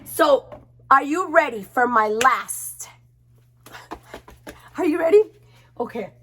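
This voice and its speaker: A young woman vlogger talks casually and expressively to her camera at home, her slightly high voice bouncing along as she swears freely. The sound is plain, from a camera mic in an indoor room. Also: animated, slow pace, fairly bright tone, slight background noise. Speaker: beauty vlogger.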